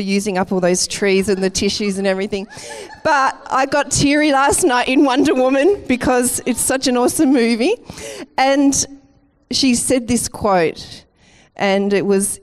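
Aussie lady pastor chatting from the front of church, a bit higher voice, jokey and bubbly. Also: clear, resonant tone. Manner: chatty and playful, laughing at herself. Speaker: campus pastor. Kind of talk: lively church welcome and sermon. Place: church auditorium.

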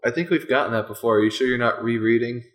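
A man's voice: medium pitch, quick pace. A man co-hosting a podcast in casual chat, with dry, self-deprecating humor and frequent laughs. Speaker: podcast co-host.

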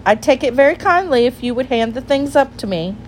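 A bustling little hedgehog washerwoman from a storybook, polite and chatty as she fusses over the laundry, voiced by a woman reading aloud. Her voice sits high and swoops lively up and down. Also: a little fast, a little hiss or hum.

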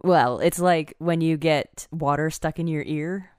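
A woman's voice: low-pitched, steady tone, measured pace, darkish tone, smooth, no room sound, clean studio sound. A woman co-hosting a podcast in casual chat, playful and giggly with quirky asides. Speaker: podcast co-host.

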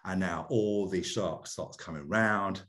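Middle-aged male guest, fairly low voice, lively storyteller who laughs and stumbles over repeats. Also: measured pace. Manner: animated, laughs often, repeats words. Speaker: podcast guest. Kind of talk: casual storytelling.

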